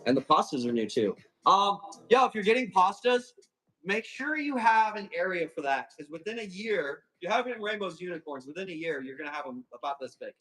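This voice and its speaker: A man hosting a live plant auction stream, chatting casually and calling quick countdowns, with a casual swear here and there. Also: high voice, big pitch swings, fairly bright tone, slightly rough, low-quality recording. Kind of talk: livestream sales chat.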